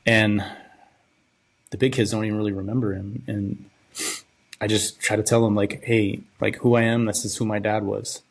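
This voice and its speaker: A young man hosting a podcast, telling a personal story in a halting, subdued, grieving way, often trailing off and repeating words. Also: on the low side, level tone. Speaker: podcast host.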